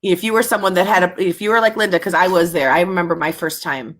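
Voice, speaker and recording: A woman's voice: fairly low pitch, steady tone, fast talker, a bit bright. A woman hosting a casual panel chat, speaking reflectively with frequent restarts and easy laughter. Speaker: host.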